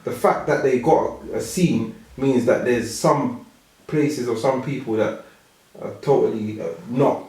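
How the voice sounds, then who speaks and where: Male podcast host, mellow dark tone, animated casual reactions, roomy and off-mic. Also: medium pitch, a little slow, recorded from a distance. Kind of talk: casual interview chat.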